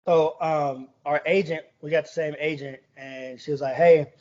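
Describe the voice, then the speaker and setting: Young guy chef on a podcast, slangy storyteller, kinda high voice, muffled lo-fi sound. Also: steady tone, normal speed, darkish tone. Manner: slangy storytelling, acts out quoted dialogue. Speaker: guest chef. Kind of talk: casual podcast chat. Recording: dull lo-fi podcast recording.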